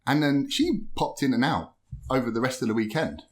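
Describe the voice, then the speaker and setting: A man telling a story in casual podcast chat, animated and swearing, acting out what people said. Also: medium pitch, a little fast. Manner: animated, swearing, acts out quoted voices. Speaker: podcast guest.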